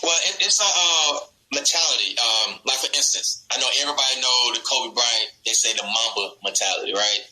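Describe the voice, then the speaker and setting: Bright-voiced man telling his story. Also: mid-range voice, a little fast, few pauses, low-quality recording. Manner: animated, laughing storyteller. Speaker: guest, football player. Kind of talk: storytelling in a radio interview. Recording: radio studio interview.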